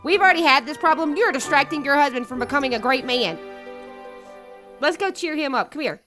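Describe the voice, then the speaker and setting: Young woman gamer w a cold, high bright voice, bossy and jokey at the screen. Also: brisk, faint music behind. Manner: excitable, bossy and jokey toward the game characters. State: sniffly with a cold. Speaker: gaming YouTuber. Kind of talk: Let's Play commentary.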